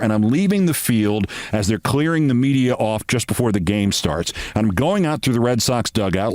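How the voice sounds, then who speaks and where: A man's voice: medium pitch, dry recording, clean studio sound. A man hosting his show, telling a long anecdote and acting out the people he quotes. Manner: animated, acts out quoted people. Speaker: host. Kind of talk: storytelling monologue.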